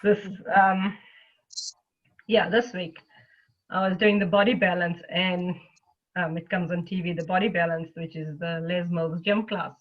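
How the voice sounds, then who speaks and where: A woman leads a loving-kindness meditation with a calm, unhurried delivery. Her words come softly and slowly. The sound is thin and phone-like, as over a video call. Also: lowish voice. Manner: gentle, soothing, speaks slowly. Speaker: meditation teacher. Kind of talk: guided meditation teaching. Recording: lo-fi phone-like audio.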